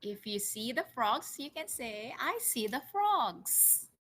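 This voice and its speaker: A woman teaching English words to children and reading them a story, prompting slowly and repeating each word. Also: fairly high pitch, big pitch swings, a bit bright. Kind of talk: vocabulary lesson and storytelling for children.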